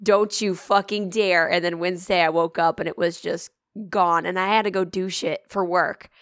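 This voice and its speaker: A woman with a hoarse voice that is nearly gone, swearing and making fun of herself while chatting as a podcast co-host. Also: on the low side, level tone, normal speed, fairly bright tone, no room sound, clean studio sound. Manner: swears freely, self-mocking. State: hoarse, losing her voice. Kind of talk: casual chat.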